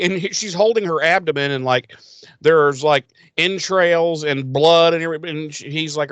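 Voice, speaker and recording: A man co-hosting a podcast in casual chat, retelling a TV episode with animated acted-out lines. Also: a little high, normal speed, no echo. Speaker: podcast co-host.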